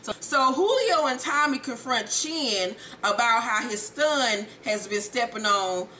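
Sassy woman vlogger, bright and fairly high, recapping an episode with profane asides. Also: unhurried, slight background noise. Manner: profane, sassy, animated storytelling.

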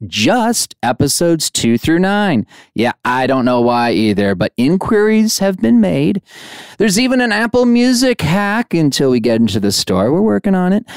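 A man's voice: clean tone, no echo, studio quality. A man hosting a podcast interview, joking around and swinging his voice up and down for comic effect. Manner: playful and jokey, swinging pitch for comic effect. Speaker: podcast host. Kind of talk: casual podcast interview and outro. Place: studio at a music school.

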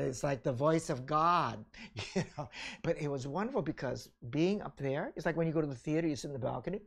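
Gravelly older man reminiscing casually. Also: on the high side, a little mellow. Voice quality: gravelly, husky. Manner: chatty, rambling, frequent "you know" and "all right?". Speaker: ballet teacher recounting his career. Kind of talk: casual memoir talk.

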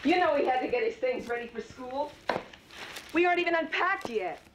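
A reproachful mother, 70s TV, higher and lively voice. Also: a little fast, background noise. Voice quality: sharp, reproachful. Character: worried mother fed up with the move. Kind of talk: 1970s TV drama acting.

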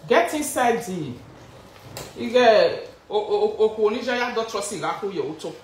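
A woman's voice: medium pitch, fairly quick, roomy sound, slight background noise. Mocking Nigerian woman ranting on live video. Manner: excitable, mocking, switches between pidgin and local phrases. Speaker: live-video gossip commentator. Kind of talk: casual live-stream rant.

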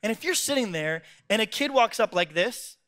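High, bright-voiced joking pastor. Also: male voice, animated. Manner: joking, acts out quick voices, laughs often. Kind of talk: comedic sermon. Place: church stage.

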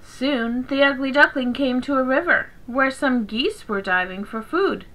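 A woman teacher reading a picture book aloud to children, in a gentle, expressive storytelling manner. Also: sits high, measured pace, poor audio.

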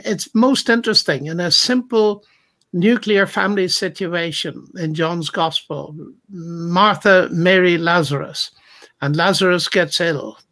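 A man's voice: high-pitched, fairly bright tone. A man speaking as a Christian apologist in a thoughtful discussion, reflective and retelling stories with acted-out quotes.

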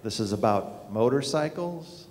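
A man's voice: mid-range voice, animated, measured pace. A man acting as emcee, introducing the speaker with dry, teasing straight-man banter. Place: large conference hall. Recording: long hall reverb with faint noise.

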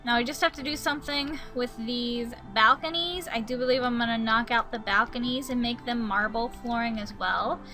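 A young woman giving casual gameplay commentary, musing aloud as she builds and breaking into sudden excited outbursts. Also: a little high, normal speed, few pauses, faint music behind, rough recording. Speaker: Let's Play gamer.

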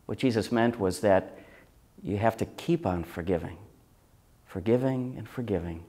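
A man's voice: fairly low pitch, expressive, moderate pace, warm tone, husky. Man giving an easygoing Sunday sermon. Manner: conversational storytelling, acts out quoted people. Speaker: auxiliary bishop.

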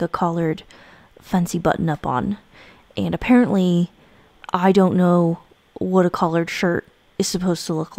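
A woman's voice: fairly low pitch, darkish tone, no room sound. A woman hosting a crafting video, narrating her clay project in a casual, chatty, self-deprecating voice-over with filler words.

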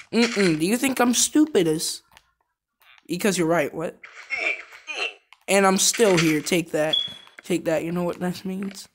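A woman doing let's play commentary on a game, excitable and prone to shouting and laughing. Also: on the low side, takes it slowly, pauses often, background noise. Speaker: gameplay commentator.

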